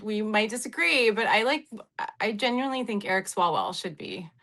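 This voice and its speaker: A woman's voice: medium pitch, lively intonation, normal speed, fairly bright tone. A woman from California, a guest in a casual political chat, earnest and opinionated. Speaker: podcast guest.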